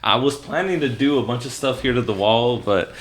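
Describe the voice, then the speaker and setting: A man's voice: mid-range voice, fairly quick, a bit bright, slight background noise. A man hosting a casual podcast chat from a room at home, laid-back and swearing offhand. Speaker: podcast host.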